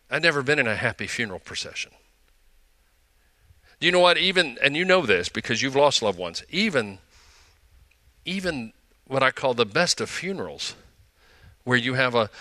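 Bright-voiced older man preaching. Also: mid-range voice, dry recording. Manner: conversational preaching with repeated restarts and asides. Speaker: pastor. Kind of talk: sermon.

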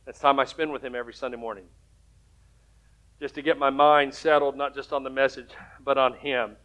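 A man's voice: mid-range voice, flat delivery, fairly quick, fairly bright tone. A man preaching a sermon as pastor, telling stories in a conversational way and rising to emphatic points.

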